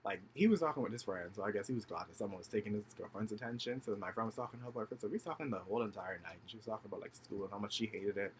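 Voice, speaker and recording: Racing along with few pauses, this young vlogger casually tells a story to camera in a lowish voice. He is animated, acting out the people he quotes, and his slangy, filler-heavy chatter includes plenty of swearing. A little hiss or hum can be heard.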